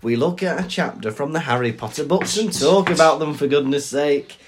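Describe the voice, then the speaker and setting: A man's voice: on the high side, moderate pace, background noise. A young adult man, co-hosting a podcast in casual chat and mimicking people in his stories. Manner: chatty storyteller, mimics others in his anecdotes. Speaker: podcast co-host.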